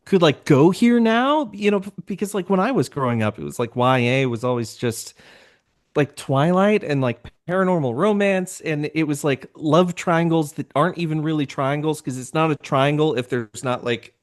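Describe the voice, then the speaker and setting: A man on a podcast panel by video call, talking in a gushing, animated way with lots of "like". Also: fairly high pitch, moderate pace. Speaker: podcast host, panel guest. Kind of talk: casual panel chat. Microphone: video call mic.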